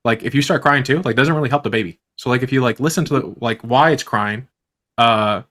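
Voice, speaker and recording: A man chatting as an interview guest, talking quickly and circling through his thoughts with plenty of fillers. His pitch sits in an ordinary middle range, and his speech tumbles along at a brisk clip. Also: a bit bright. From grew up on a farm. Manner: rambling, many fillers, laughs often. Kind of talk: casual conversation.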